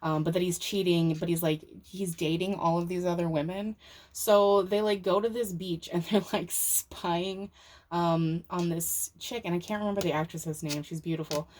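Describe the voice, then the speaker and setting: A woman's voice: on the low side, fairly even intonation, moderate pace, a little mellow. A young woman giving a casual, rambling tarot reading to camera. She uses lots of fillers and swears casually. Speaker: tarot reader.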